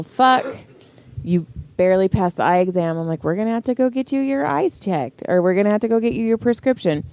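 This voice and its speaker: A woman's voice: medium pitch, a little mellow. A middle-aged woman, co-hosting a podcast and telling a story in casual chat, acting out quotes and swearing freely. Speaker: podcast co-host.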